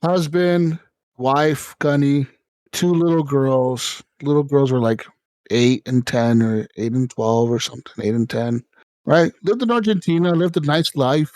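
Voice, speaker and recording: A man hosting a podcast, telling a story in casual, excited, profane chat. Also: medium pitch, unhurried, no echo, low-quality recording. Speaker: podcast host.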